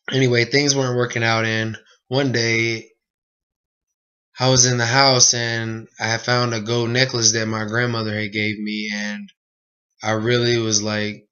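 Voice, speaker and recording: A man's voice: lowish voice, bright, forceful tone, clean tone. A young man earnestly telling his personal testimony in a plain speech, with many asides. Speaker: speaker giving a personal testimony. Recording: dull lo-fi recording.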